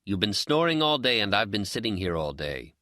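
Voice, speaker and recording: A man reading an audiobook and voicing a calm, teasing male friend who is a pipe smoker with a Zen streak. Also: lowish voice, no room sound. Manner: teasing, dry, unhurried. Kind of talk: audiobook character dialogue.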